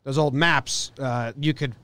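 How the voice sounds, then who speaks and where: A man co-hosting a casual podcast, telling stories in a relaxed, rambling way. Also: mid-range voice, measured pace, clean tone, no room sound. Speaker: podcast co-host. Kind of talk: casual chat.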